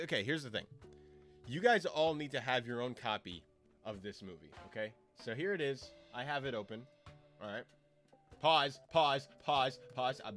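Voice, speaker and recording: A young man, casually chatting with his stream chat as host of a watch party, loose and full of fillers. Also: mid-range voice. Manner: loose and animated, lots of fillers, jumps between loud calls and mumbled asides. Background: soft lo-fi music.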